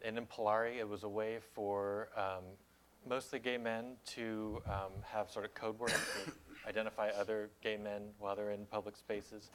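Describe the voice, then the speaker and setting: A man's voice: fairly low pitch, a little hiss or hum. A man introducing his magazine as a panelist at a conference, explaining things eagerly.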